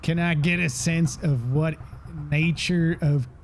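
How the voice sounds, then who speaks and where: A man's voice: a little high, steady tone, slow pace, a little hiss or hum. A man playing a tabletop horror game, asking the game master questions in a hesitant way. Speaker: player. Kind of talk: casual tabletop play.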